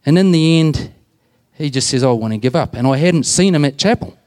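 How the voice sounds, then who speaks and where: Warm-voiced Australian prison chaplain. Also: male voice, on the high side, expressive, fairly quick. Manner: plain-spoken, anecdotal, retells conversations with "I says". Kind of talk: storytelling talk to a group.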